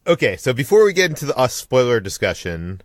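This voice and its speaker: A man hosting a casual podcast, talking in a relaxed, conversational way with plenty of fillers. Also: mid-range voice, a little fast, dry recording, clean studio sound. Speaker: podcast host.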